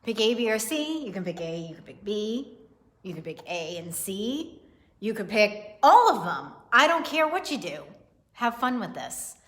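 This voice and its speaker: A woman's voice: medium pitch, sing-song, moderate pace. A young woman giving a casual livestream tarot reading, chatty and profane, laughing often and greeting viewers by name. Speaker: tarot reader.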